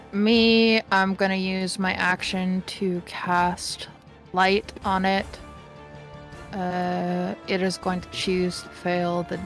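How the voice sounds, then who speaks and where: A woman playing a tabletop game, hesitant and giggly, with many fillers. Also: lowish voice. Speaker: player.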